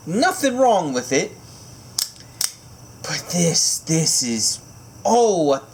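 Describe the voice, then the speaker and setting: A man's voice: on the high side, a little hiss or hum. Giggly, gushing man unboxing a knife. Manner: gushing, giggly, overcome with excitement. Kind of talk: unboxing vlog. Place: indoors at home by candlelight.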